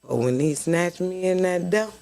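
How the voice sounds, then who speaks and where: A woman telling a personal story on a podcast in a casual, animated way, acting out the dialogue as she goes. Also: on the low side, normal speed. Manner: animated, acts out dialogue in quoted voices.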